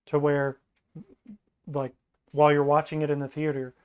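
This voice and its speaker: Brief: male podcast guest, higher-pitched, animated casual chat, mocking impressions. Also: moderate pace, long pauses, clean tone, highs cut off. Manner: animated, acts out quoted lines in mocking voices.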